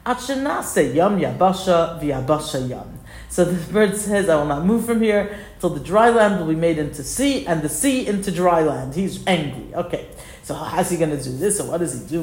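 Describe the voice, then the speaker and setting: A woman's voice: sits low, a little mellow, reverberant. A woman teaching a text study class, reading passages aloud and then explaining each one plainly. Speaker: Torah teacher.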